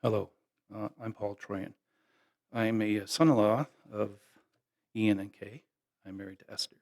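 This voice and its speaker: A man's voice: fairly low pitch, steady tone, normal speed, a little mellow. Folksy middle-aged man telling stories. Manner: folksy, humorous storytelling. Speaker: family member giving a eulogy. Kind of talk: anecdotal memorial speech.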